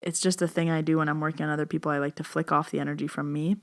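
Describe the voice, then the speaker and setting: Woman host, casual chatty storyteller, animated delivery. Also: low voice, rapid-fire. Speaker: podcast host.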